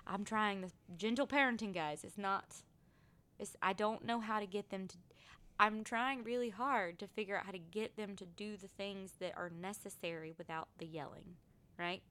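A woman's voice: medium pitch, moderate pace, clean tone. A woman in her thirties co-hosting a casual podcast, telling stories animatedly about her kids. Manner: animated storytelling, acts out her kids' voices. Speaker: podcast co-host. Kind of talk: casual chat.

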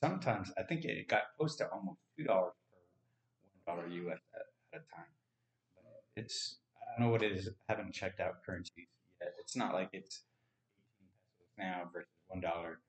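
A man's voice: deep voice, fairly quick. A man chatting casually as a podcast co-host, easygoing and trailing off mid-thought. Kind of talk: casual chat. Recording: roomy echo.

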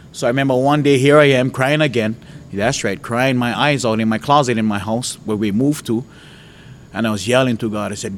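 Animated male preacher from Hawaii, laughing often. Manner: animated storytelling, voice jumps high and loud when retelling his outbursts. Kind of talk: testimony to an audience.

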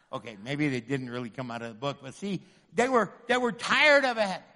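A high-pitched man preaching with humor and energy, slipping into voices for the people in his stories. The long echo of a big hall trails after each phrase. He sounds like a pastor talking straight to his congregation. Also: moderate pace. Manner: lively, humorous, acts out quoted voices. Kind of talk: sermon.

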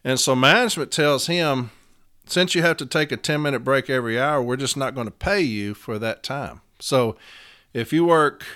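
A man with a voice of middling pitch tells a story the way a union rep talks. He is blunt and profane and gets heated as he goes. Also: moderate pace, pushed and bright, clean tone. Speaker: union representative. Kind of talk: casual storytelling monologue.

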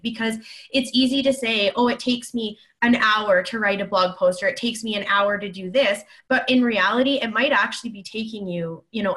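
Woman, bright clear voice, coaching tone, podcast panel advice. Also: medium pitch. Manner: thoughtful, frequent ums, coaching tone. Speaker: panel guest.

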